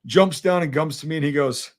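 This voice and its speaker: A man's voice: on the high side, fairly quick. A man from Wisconsin, a military veteran, telling a war story in casual chat, swearing freely and acting out what each person said. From Wisconsin, USA. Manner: profane, animated, acts out quoted dialogue.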